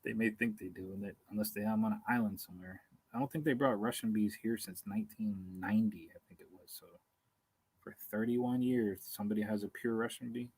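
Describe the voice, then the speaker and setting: Hungry and tired, a beekeeping host rambles casually on an outdoor live stream and chuckles while reading comments aloud. The man's voice is lowish, darkish, slightly rough and fast, and the recording is rough.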